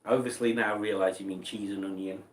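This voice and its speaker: A man's voice: on the low side, fairly even intonation, fast talker, far from the mic, a little hiss or hum. Mock-outraged man, echoey. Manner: rambling, mock-outraged, chuckling. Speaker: streamer reading chat. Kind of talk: casual livestream chat. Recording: echoey room, voice from off mic.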